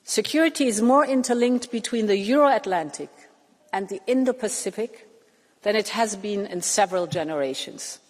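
A woman politician giving a formal, deliberate speech. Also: medium pitch, expressive, long reverb tail.

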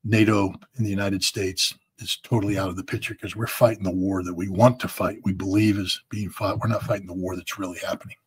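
A man's voice: sits low, flat delivery, a little fast, hardly any pauses, breathy edge. A man giving blunt, emphatic military analysis as an interview guest, talking in a colloquial way. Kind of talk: forceful political commentary.

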